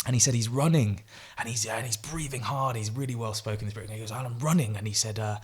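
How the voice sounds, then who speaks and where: A man speaking as a podcast guest, telling stories in a lively way and acting out the quoted voices. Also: fairly low pitch, quick pace. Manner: animated, acts out quoted voices. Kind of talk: casual podcast storytelling.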